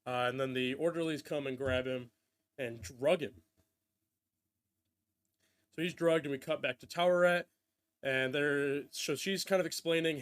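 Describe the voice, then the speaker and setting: A man's voice: on the high side, fairly even intonation, measured pace, long pauses, smooth. A man hosting a casual podcast, recapping a show with loose asides and frequent laughs. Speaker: podcast host. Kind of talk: casual chat.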